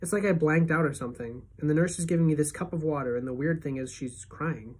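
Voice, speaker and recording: A woman teacher reading a novel aloud to her class as a first-person narrator, steady and expressive. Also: sits low, fast, slightly rough.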